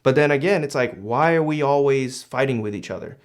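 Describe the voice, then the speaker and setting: A young man reads short passages aloud and then talks them over in a relaxed, chatty way, full of "you know" and "like.". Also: mid-range voice, brisk, clean tone. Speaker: book commentator. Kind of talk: casual reading and commentary.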